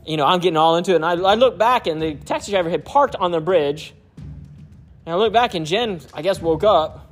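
A man's voice: high-pitched, a little fast, soft background music. A man preaching through a personal story, chuckling often as he talks. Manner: chuckles often while telling stories. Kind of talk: storytelling sermon.

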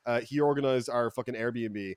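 A man's voice: mid-range voice, moderate pace, clean tone, dry recording. A young man telling rambling, profane stories in a casual podcast chat, full of fillers and restarts. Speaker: podcast co-host.

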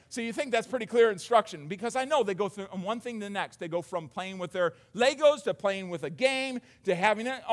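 Man, preacher, high-pitched voice, conversational sermon, repeats words, hushed to raised delivery.

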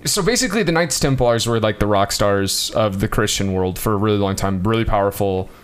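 A man's voice: fairly low pitch, lively intonation, a little fast. A man co-hosting a casual history podcast, talking loosely with many fillers and frequent laughs. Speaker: podcast co-host.

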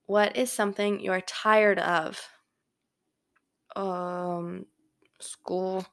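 A young woman talks through her own casual podcast from her bedroom, rambling and leaning on filler words. Her pitch sits mid-range, but her voice drops into a noticeable vocal fry. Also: steady tone, very slow, pauses often. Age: young adult. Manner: rambling, filler-heavy chatter. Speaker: podcast host. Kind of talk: casual solo podcast chat. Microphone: home microphone.

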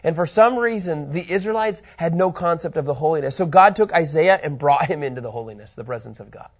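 A man teaching a Bible study, animated and emphatic, reading scripture aloud with building intensity. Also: a little high, a little fast.

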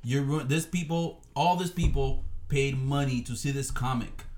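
A man's voice: medium pitch, moderate pace, darkish tone. A man with a mid-range voice chats on a podcast about stand-up comedy. He swears a lot and throws out sarcastic jabs at his friends. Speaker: stand-up comic, podcast co-host. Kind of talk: casual podcast chat.

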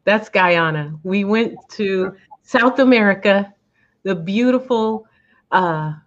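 An earnest woman, a guest speaker, answers interview questions in a heartfelt way, repeating her words for emphasis. Her medium-pitched voice is animated but unhurried, and the audio sounds slightly dull and lo-fi.

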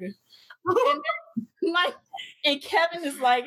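A woman's voice: high-pitched, takes it slowly, pauses often, sharp tone. A woman co-hosting a podcast, telling a story in casual chat and acting out quotes with a lot of energy. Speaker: podcast co-host.

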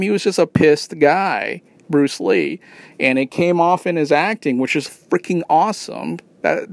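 A man's voice: on the high side, vocal fry, no echo. A man hosting a podcast, talking in a casual, rambling monologue full of fillers, restarts and swearing. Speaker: podcast host.

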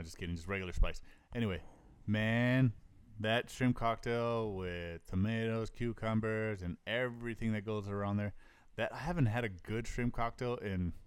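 A man's voice: lowish voice, smooth, no echo. A man co-hosting a podcast in casual chat, laid-back and teasing, talking into a close mic. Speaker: podcast co-host.

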